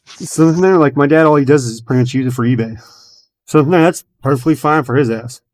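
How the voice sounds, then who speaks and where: A man's voice: mid-range voice, quick pace. A man in casual podcast chat, telling a long story in a rambling way, swearing constantly and acting out what people said. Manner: retells his own and others' words as quoted dialogue. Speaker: podcast host.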